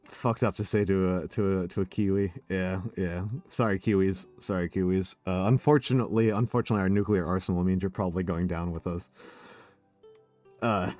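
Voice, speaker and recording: A man's voice: low voice, a little fast, darkish tone, no echo, faint music behind. An American man hosting a casual, tipsy stream chat, rambling and swearing, with laughs between his thoughts. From United States. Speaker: streamer host.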